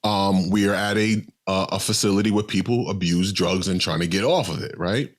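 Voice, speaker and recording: A man's voice: low voice, fairly even intonation, moderate pace. A man telling a long story on a podcast, rambling with many ums and restarts. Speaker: podcast co-host, comedian. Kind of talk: casual storytelling chat.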